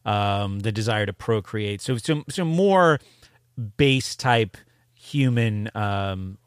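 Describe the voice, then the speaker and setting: A man's voice: fairly low pitch, animated, slow, smooth, no echo. Hesitant, thoughtful man on a dry mic. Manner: thoughtful, hesitant, with stammered restarts. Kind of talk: casual conversational discussion.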